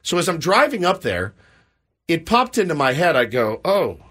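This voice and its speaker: On a morning sports radio show, a man tells a story in casual chat, animatedly performing the voices of the people in it. His voice is fairly high and husky at a moderate pace, captured on a studio microphone.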